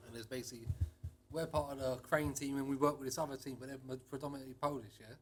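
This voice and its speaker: A man co-hosting a casual podcast chat, telling lively stories and acting out what people said. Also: medium pitch, fast, a little hiss or hum. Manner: animated storytelling, acting out quotes with laughs. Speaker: podcast co-host.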